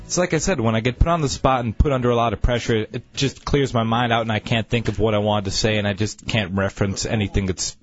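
A man's voice: on the low side, fairly even intonation, quick pace, hardly any pauses, soft background music. A man on a radio show, hesitant and stammering, flustered when put on the spot. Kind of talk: casual radio banter. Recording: muffled radio broadcast.

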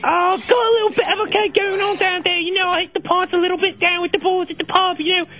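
Brief: very high, coarse British pub woman in her forties, rambling and bawdy, played by a man in falsetto. Dull lo-fi radio sound. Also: fairly even intonation, quick pace, bright, forceful tone. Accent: put-on British. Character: crude middle-aged British woman, pub-goer. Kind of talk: comedic phone-in role-play.

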